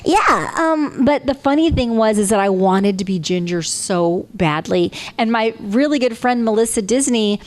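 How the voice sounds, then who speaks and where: A woman's voice: medium pitch, expressive, measured pace. A middle-aged woman, a voice actress, telling chatty stories on a convention panel and acting out quotes with big jumps in her voice.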